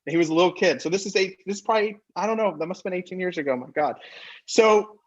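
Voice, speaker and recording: A man, a podcast guest and company co-founder, telling anecdotes casually and acting out the dialogue with quick asides. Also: sits high, highs cut off.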